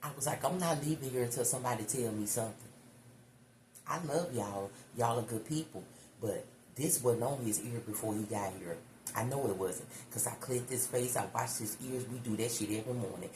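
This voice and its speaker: A woman tarot reader telling a story to her viewers in a chatty, animated, profane way, calling them y'all. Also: a bass voice, fairly quick. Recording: echoey room with background noise.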